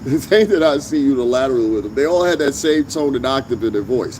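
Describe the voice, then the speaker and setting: A man's voice: mid-range voice, animated, a little fast, darkish tone, a little hiss or hum. A man hosting a commentary vlog, ranting bluntly with heavy profanity and emphatic jabs. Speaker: vlog host. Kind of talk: opinionated commentary rant.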